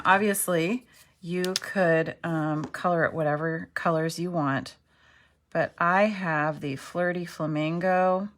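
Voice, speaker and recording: A woman's voice: lowish voice, a bit bright. A middle-aged woman teaching a card-making craft tutorial, chatty and self-deprecating, often checking in with "okay". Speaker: craft instructor.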